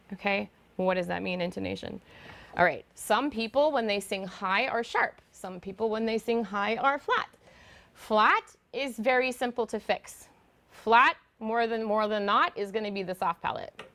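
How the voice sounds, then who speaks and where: A woman's voice: on the high side, fairly bright tone. A middle-aged woman vocal coach giving an online singing lesson, chatty and explaining with fillers and demonstrations.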